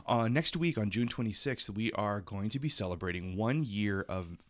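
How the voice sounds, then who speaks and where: A man co-hosting a podcast in casual chat, chatty and animated, with many fillers. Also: fairly low pitch, normal speed. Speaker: podcast co-host.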